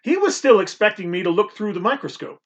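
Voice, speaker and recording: A man narrating an audiobook in the first person, expressive and nervous in tone. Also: high voice, fast talker.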